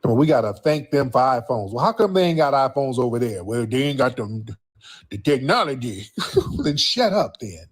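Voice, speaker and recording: A man's voice: medium pitch, sing-song, moderate pace, slightly rough. A man hosting a call-in livestream, talking bluntly and mocking his callers. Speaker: livestream host. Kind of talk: livestream commentary.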